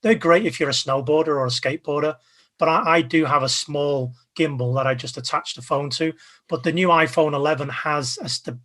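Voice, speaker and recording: A man being interviewed as a guest, giving casual advice with an energetic, emphatic coaching tone. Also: on the high side. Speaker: guest, video creator.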